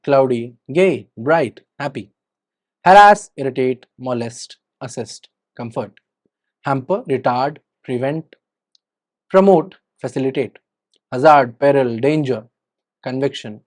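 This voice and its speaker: A man with an Indian English accent teaching vocabulary, reading word lists and letting his voice rise on each headword and drop on the opposites. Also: mid-range voice.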